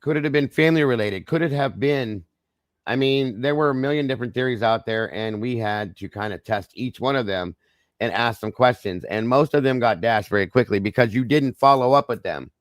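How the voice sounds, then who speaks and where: A man's voice: mid-range voice, fairly quick, no echo, clean studio sound. A man hosting a true crime livestream, reading reports aloud and commenting casually to his viewers, his voice strained. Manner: conversational, addresses viewers as guys, frequent okays and apologies. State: voice strained, trying not to lose it. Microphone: streaming microphone.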